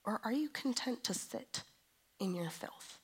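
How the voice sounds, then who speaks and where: A woman in her thirties preaching a sermon in a conversational way, moving from quiet confession to emphatic declaration. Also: a little high, expressive, unhurried, breathy edge.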